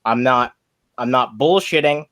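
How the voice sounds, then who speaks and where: A man hosting a casual chat stream while high, rambling and breaking into giggles. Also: a little slow, fairly bright tone. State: high on cannabis. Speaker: stream host.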